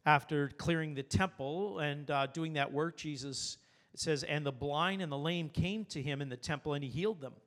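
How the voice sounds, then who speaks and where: A man preaching a sermon as pastor, earnest and animated, with rhetorical questions. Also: on the high side, normal speed.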